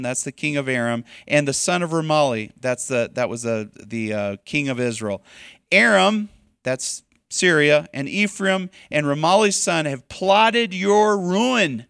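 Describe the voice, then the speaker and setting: A man preaching a sermon as pastor, emphatic, swinging between loud urging and quiet softness. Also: a little high, clean tone, no room sound, studio quality.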